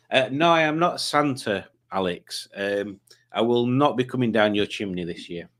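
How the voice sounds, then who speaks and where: A man's voice: mid-range voice, animated, moderate pace, a bit bright. A man hosting a casual livestream, chatting and joking while he reads viewer comments aloud. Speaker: livestream host.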